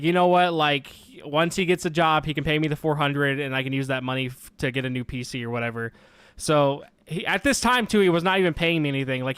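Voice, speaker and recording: A young man telling a long story in casual, exasperated rant style, quoting himself and his roommate in quick back-and-forth. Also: fairly high pitch, fairly bright tone, clear, resonant tone, no room sound.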